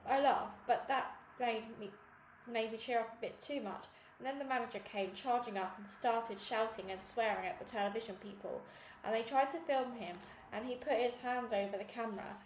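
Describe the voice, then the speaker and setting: A woman reading a children's novel aloud in a lively storytelling manner. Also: medium pitch, moderate pace, echoey room, slight background noise, rough recording. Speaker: reader.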